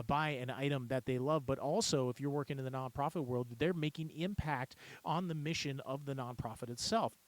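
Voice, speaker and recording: A man who coaches auctioneers, explaining the auction chant in an upbeat, repetitive way and breaking into quick chant demonstrations. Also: fairly high pitch, dry recording. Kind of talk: instructional talk to camera.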